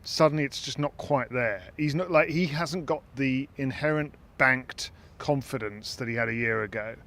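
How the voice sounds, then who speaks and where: A man's voice: medium pitch, normal speed, a bit bright. A man hosting a podcast, talking things through in a casual, thoughtful way and often restarting his sentences as he searches for words. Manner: thoughtful, repeats words while searching for phrasing. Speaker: podcast host. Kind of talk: casual discussion.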